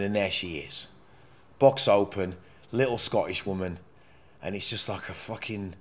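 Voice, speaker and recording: Blunt, swearing man telling his story. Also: on the low side. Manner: blunt and profane, emotional, rambling. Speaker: podcast guest. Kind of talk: candid interview storytelling.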